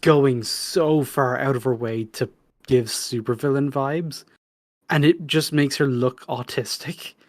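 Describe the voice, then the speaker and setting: A man's voice: medium pitch, slow pace, no echo. Sarcastic guy ranting on a movie podcast, cusses a lot, pretty dry mic. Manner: sarcastic, swears freely, rants. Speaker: podcast co-host. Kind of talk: casual movie-review chat.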